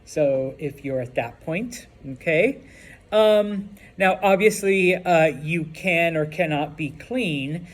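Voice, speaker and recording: A man's voice: a little high, slow. A male Spanish teacher giving a classroom lesson, explaining patiently and checking in with "okay?" and "all right?".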